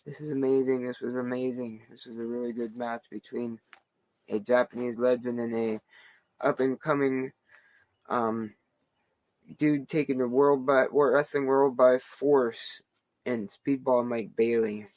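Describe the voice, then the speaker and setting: A man's voice: medium pitch, fairly even intonation, a little slow, a little mellow, no room sound, lo-fi sound. A man hosting a wrestling podcast, giving a casual, rambling recap full of fillers, restarts and playful asides.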